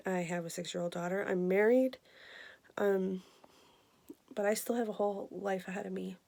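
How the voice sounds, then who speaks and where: A woman in her twenties giving an earnest, emotional personal health update, halting with many fillers. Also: mid-range voice, fairly even intonation, creaky, warm tone. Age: 20s. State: emotional, near tears. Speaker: vlogger.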